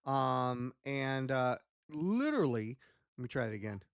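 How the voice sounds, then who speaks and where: Man hosting a casual hypnotist lesson, lively pitch, dry close sound, chatty and meandering. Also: measured pace, vocal fry, smooth, dry recording. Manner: rambling and animated, with many ums and restarts. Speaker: hypnotist and ventriloquist host. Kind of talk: casual teaching talk.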